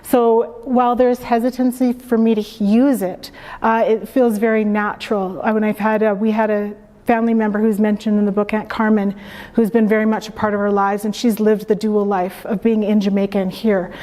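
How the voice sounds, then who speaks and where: A woman from Canada reading her own book aloud in a slow, measured way, then answering questions thoughtfully. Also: mid-range voice, little pitch movement, mellow. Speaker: author. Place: library event room. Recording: long hall reverb.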